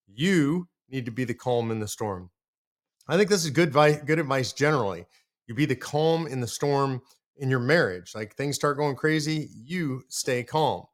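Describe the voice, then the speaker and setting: Earnest man hosting a political commentary show. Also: mid-range voice. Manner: earnest and direct, repeating points for emphasis. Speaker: show host.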